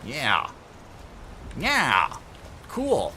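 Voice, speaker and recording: A man's voice: mid-range voice, wildly swooping pitch, drawn-out words, pushed and bright, a little hiss or hum. A young adult man chatting casually on a game stream, rambling through stories and laughing often. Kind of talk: casual gameplay stream chat.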